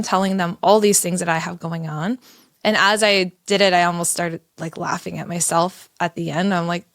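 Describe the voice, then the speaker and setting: A woman in her thirties co-hosting a podcast, telling a candid story in an animated way. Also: fairly low pitch, fairly quick, gravelly, dry recording, studio quality. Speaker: podcast co-host. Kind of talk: casual conversational podcast.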